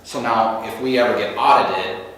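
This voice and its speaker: A man leads a real estate training session, going through forms step by step in a practical, conversational manner. His voice is fairly low and a bit bright, at a normal speed. It was recorded from a distance in an echoey room, with a little hiss or hum.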